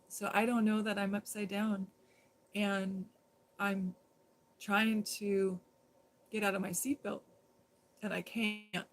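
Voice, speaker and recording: A woman's voice: mid-range voice, slight background noise, low-quality recording. A woman casually telling a personal story on a live stream, rambling and conversational with lots of fillers and restarts.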